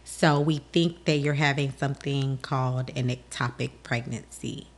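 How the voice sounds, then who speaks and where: Low gravelly woman telling a personal story. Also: normal speed. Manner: animated, acts out the voices of people in her story. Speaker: podcast host.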